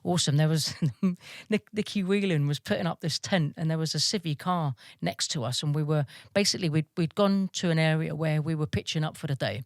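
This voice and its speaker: A woman's voice: deep voice, a little fast, few pauses, no echo. Army vet woman yarning away, swears loads, laughs a lot, dead dry sound. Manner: swears freely, laughs through her stories. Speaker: guest, army veteran. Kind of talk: casual storytelling interview.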